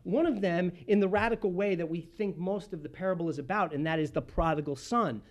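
A pastor preaching a sermon, swinging from loud emphasis to hushed, almost whispered passages and acting out the people in the story. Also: mid-range voice, a little fast. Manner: acts out the voices of the people he describes.

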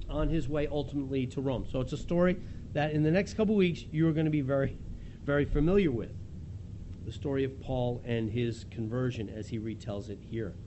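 A man with a fairly high voice delivers a sermon, telling the story with animated, chuckling energy. A faint hum sits under his voice. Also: lo-fi sound. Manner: lively storytelling, acts out the scene with chuckles. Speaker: pastor.

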